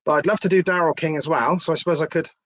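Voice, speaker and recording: A man's voice: on the high side, fairly even intonation, rapid-fire, dry recording. A middle-aged man from hosts a live stream in a slightly raised voice. He chats loosely, swears freely and answers viewers' comments. The sound is dry and close, with little room. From England. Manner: chatty, swearing, laughing, reading out viewer comments. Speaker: host. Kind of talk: casual live-stream chat.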